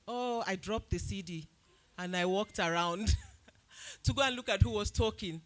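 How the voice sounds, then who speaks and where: A Nigerian woman speaking to an event audience as its host, telling a story with lively, loud acted-out quotes. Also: medium pitch, measured pace, long pauses. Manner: animated storytelling, acts out quotes loudly. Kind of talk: speech at a live event.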